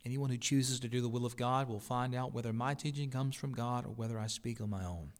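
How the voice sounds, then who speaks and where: A man's voice: mid-range voice, fairly quick, close to an everyday voice. Brief: firm, solemn teacher, read by a male pastor in a mid-range voice.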